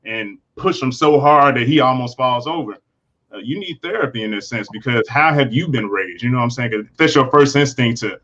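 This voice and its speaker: A man with a bright, forceful voice weighs in as a panelist in a casual discussion, thoughtful and halting. His sound comes through a dull, lo-fi microphone. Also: medium pitch.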